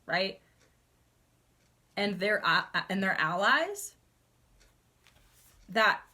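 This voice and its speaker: A young woman reads tarot to camera in a casual, heartfelt way. She rambles, restarts and piles on fillers, sounding moved and earnest. Her voice sits at a middle pitch. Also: sharp tone. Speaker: tarot reader. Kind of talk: casual tarot reading monologue.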